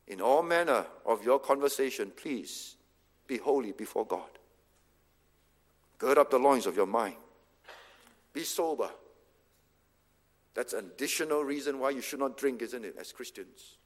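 A man's voice: mid-range voice, expressive, a little slow, long pauses. A man preaching a sermon as pastor, driving points home with short repeated commands. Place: church hall. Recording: reverberant hall.

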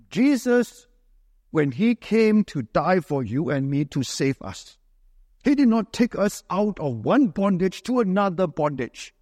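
With a fairly high, darkish voice, a man preaches a sermon in a conversational style, frequently tossing a quick rhetorical "right?" to the congregation. His voice is close and dry, but a long hall reverb trails behind it.

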